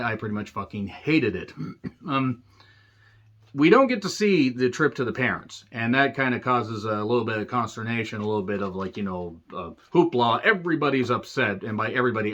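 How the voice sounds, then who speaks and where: A man's voice: mid-range voice, a bit bright, dull audio. A man giving a sarcastic, profane movie review rant, full of rambling asides.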